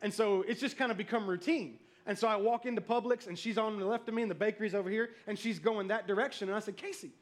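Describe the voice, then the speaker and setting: Pastor guy in his 30s preaching, kinda high voice, animated stories, asks for amens. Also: fast talker, hardly any pauses. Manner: storytelling, animated, calls out to the congregation. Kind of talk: sermon.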